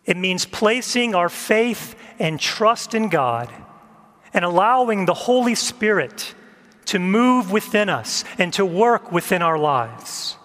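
A man preaching a sermon as a pastor, gentle and measured, reflecting on letting go. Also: sits high, lively intonation, big-room sound. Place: church.

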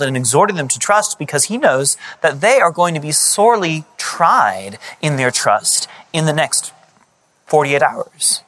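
A man preaching a sermon, retelling scripture in lively conversational paraphrase. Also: fairly high pitch, normal speed.

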